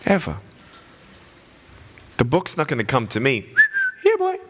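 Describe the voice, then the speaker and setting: A man, giving an animated, playful motivational sermon to a college chapel crowd. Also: medium pitch, unhurried, background noise. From Australia. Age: 30s. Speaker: guest chapel speaker. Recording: echoey hall.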